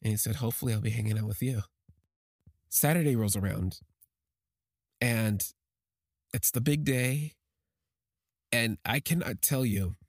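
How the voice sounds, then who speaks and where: A man telling a personal story on a podcast, halting and emotional, with many restarts. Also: medium pitch, no room sound, studio quality.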